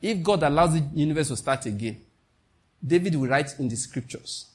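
Fervent Nigerian preacher, a man with a raspy, raised-pitch voice, at the pulpit. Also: lively intonation, normal speed. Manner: impassioned, mixing in pidgin asides. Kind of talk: sermon.

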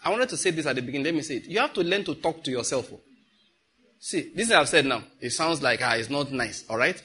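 A middle-aged Nigerian pastor preaches in an easy, conversational way, dropping into pidgin asides. His voice sits a little high and sounds bright and forceful. It carries a husky, slightly rough edge. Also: lively intonation, fast talker. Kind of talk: sermon.

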